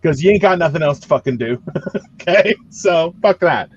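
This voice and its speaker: A man's voice: a little high, expressive, moderate pace, husky, highs cut off. A man, a comedian, riffing profanely in casual chat and ranting with acted-out voices. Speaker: comedian podcast co-host.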